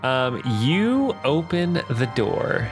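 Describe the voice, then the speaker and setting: A man's voice: on the high side, sing-song, drawn-out words, over music. A man narrating a tabletop game as dungeon master, rambling with chuckling asides.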